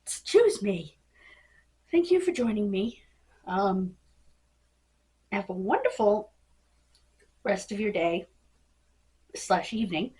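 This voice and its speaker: A woman casually recapping a wrestling event as the host of her vlog, halting with many ums and hiccupping. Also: medium pitch, expressive, background noise. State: hiccupping, coughing.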